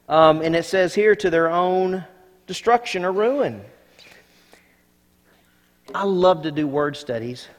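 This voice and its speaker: Emphatic preaching man in a hall. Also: a little high. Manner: dynamic preaching, swings from quiet asides to loud emphatic peaks. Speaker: pastor. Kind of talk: sermon.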